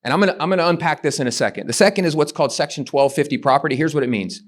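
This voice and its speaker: A man with a slightly high voice gives a motivational talk on real estate tax strategy, delivered in a punchy, emphatic, rapid-fire style.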